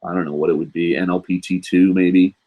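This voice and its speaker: A man with a lowish voice hosts a casual live question-and-answer stream. He talks in a loose, chatty way, filling his sentences with "you know". His delivery is animated, and he sometimes jumps higher to act out students and coworkers. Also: brisk. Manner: animated, acts out students and staff in a raised voice. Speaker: host answering viewer questions; university English teacher in Japan.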